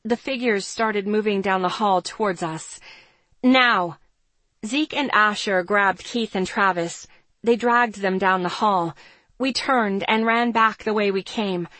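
A woman's voice: medium pitch, unhurried, a bit bright, dry recording. A woman reading a first-person story aloud in a tense, dramatic way. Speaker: narrator. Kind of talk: first-person audiobook narration.

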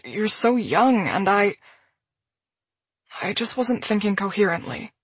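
Brief: woman reading an exhausted young man, husky and soft-spoken, apologizing haltingly. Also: mid-range voice, animated, no echo. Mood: weary apologetic. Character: tired, apologetic young man on a video call.

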